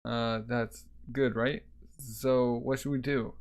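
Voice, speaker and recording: A man's voice: mid-range voice, level tone, takes it slowly. Offhand man reading a comic aloud. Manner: offhand, chatty asides. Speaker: manga reader. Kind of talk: casual comic read-aloud with sound effects.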